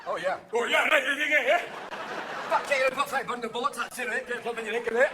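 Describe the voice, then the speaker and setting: A man's voice: very high voice, fast, a loud crowd. A man doing a thick-accented drunk Scotsman. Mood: rowdy. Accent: Scottish. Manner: thick, mumbled, rowdy. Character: drunk Scotsman, rowdy, unintelligible. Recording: live show, loud audience noise.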